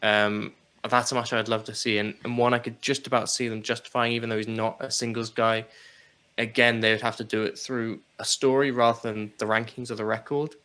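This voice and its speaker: Male co-host, bright tense tone, animated casual chat about wrestling. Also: mid-range voice, fairly quick, smooth. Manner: animated, laughs, swears casually. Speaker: podcast co-host.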